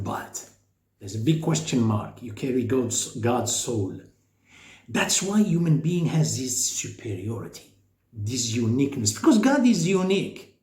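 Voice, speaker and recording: A man giving an informal spiritual lecture, emphatic and full of rhetorical questions. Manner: animated, emphatic, with sudden pitch jumps and rhetorical questions. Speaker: speaker on faith and psychology. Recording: echoey room.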